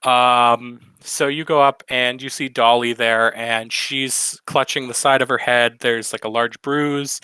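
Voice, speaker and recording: A man narrating and explaining scenes as game master in a tabletop game, relaxed and easygoing. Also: mid-range voice, unhurried, few pauses, clean tone, no echo. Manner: relaxed, explanatory, laughs easily.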